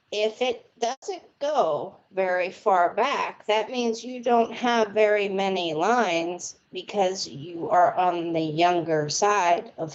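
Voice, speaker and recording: An American woman gives palm readings in a slow, unhurried, rambling manner, breaking into frequent laughter as she goes. Her voice comes over a dull, lo-fi internet stream. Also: on the low side. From United States. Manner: chatty, rambling, laughs often. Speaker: palm reader and tarot reader. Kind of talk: casual live-stream reading. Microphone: remote internet connection.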